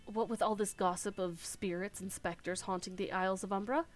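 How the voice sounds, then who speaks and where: A woman voicing a frightened townsperson who stammers and talks higher than her own voice. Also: steady tone, a little fast, faint music behind, close to an everyday voice. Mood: startled. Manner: high and startled, stammering.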